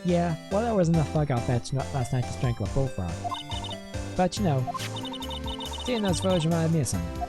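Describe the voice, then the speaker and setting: A woman's voice: low voice, sing-song, a little fast, pauses often, music in the background, pitched above the performer's own voice. A woman voicing a brash, pushy Southern woman photographer with a folksy drawl. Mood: boastful.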